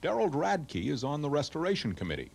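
A man's voice: fairly high pitch, wildly swooping pitch, fairly quick, creaky, slightly rough. A man with a New England accent hosting a travel show on location, talking with enthusiasm and lots of exclamations. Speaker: host. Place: outdoors on location.

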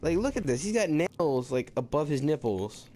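Excitable swearing man gaming. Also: a little high, moderate pace, slight background noise. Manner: excitable, swearing, rambling asides. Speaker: gamer. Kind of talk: let's-play commentary. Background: game music.

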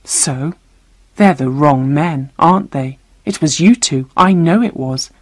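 A woman's voice: sits low, unhurried, no echo. A woman reading a storybook voices a frightened, angry young woman who accuses her captors through tears. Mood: accusing. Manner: accusing, tearful.

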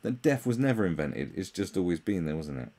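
Very animated and a little fast, a warm-toned British man hosts sarcastic meme commentary. He mocks everything, swears without restraint, and leaps into high mock voices.

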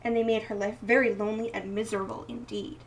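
A woman reading a picture book aloud in a slow, expressive storytelling manner. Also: fairly high pitch. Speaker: storybook reader. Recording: voice a bit distant from mic.

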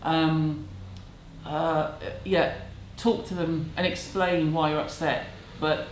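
A woman's voice: low-pitched, fairly even intonation, slow. A woman, answering viewer questions at home in a candid, chatty, self-deprecating way. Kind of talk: casual chat. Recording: echoey room, faint background hum.

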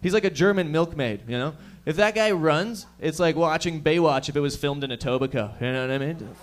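A young man from the Toronto area hosting a stand-up set, firing off profane jokes at the crowd. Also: a little high. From Toronto area, Canada. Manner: profane, rapid-fire joking to the crowd. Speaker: stand-up comedian and host. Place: comedy lounge stage.

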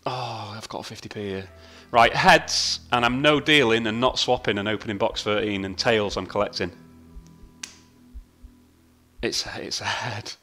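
Male slots host, bright edgy voice, rambling excitable commentary full of swearing, some game music underneath. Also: on the low side, normal speed, few pauses. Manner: excitable, swears a lot, talks to himself and shouts at the game. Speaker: slot video host. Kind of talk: casual commentary while playing slots.

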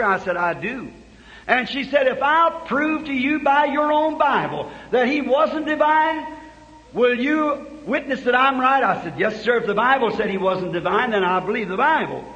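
A man preaching a sermon, building from plain telling to shouted climaxes, recorded on a dull old tape. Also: extremely high pitch, long reverb tail. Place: church hall.

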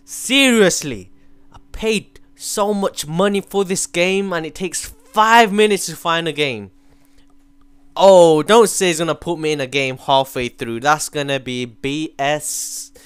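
Excitable young gamer, crisp dry voice. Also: male voice, on the high side, unhurried, no echo. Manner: excitable, swings from mumbling to yelling. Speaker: gaming commentator. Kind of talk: live gameplay commentary. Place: home room.

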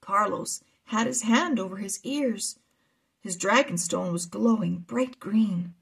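A woman reading a children's chapter book aloud, with slow, deliberate storytelling. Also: medium pitch, vocal fry, breathy edge.

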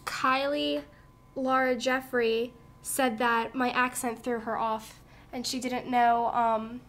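A woman's voice: fairly high pitch, little pitch movement, slow, fairly bright tone. A young woman with a South Jersey accent, chatting casually to the camera in a vlog, giggly and talkative. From New Jersey, USA. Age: young adult. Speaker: vlogger.

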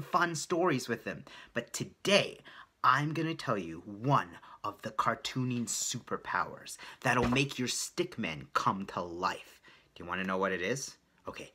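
A man coaching children through a playful drawing lesson at his art desk, animated, with gasps and little sound effects. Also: mid-range voice, breathy edge. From Canada.

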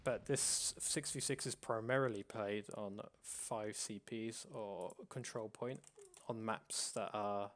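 Man explaining rules in a monotone. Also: fairly low pitch, slow, few pauses. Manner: calls his own voice monotone, many fillers and restarts. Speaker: host. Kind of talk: casual live-stream explainer.

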